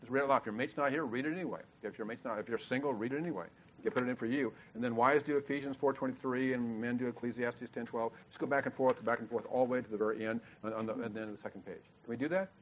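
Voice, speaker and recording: A man leading a church couples seminar on a handheld mic, talking quickly with frequent stammered restarts. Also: mid-range voice, fairly even intonation, a little hiss or hum. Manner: fast, repetitive, with stammered restarts. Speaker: marriage workshop leader. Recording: dull lo-fi sound.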